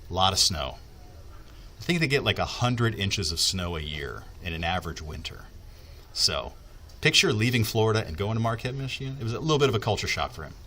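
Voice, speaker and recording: A man's voice: fairly low pitch, big pitch swings, a little fast, bright, forceful tone, a little hiss or hum. A man working as a TV meteorologist, explaining the weather in a casual, chatty way, with asides and fillers as he thinks aloud.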